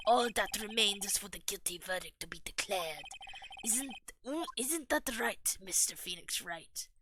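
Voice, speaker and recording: A woman voicing an arrogant older male prosecutor with a put-on gravelly male voice, in a game playthrough. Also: mid-range voice, expressive, a little slow, sharp tone, slight background noise. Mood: smug. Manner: haughty, clipped, scornful.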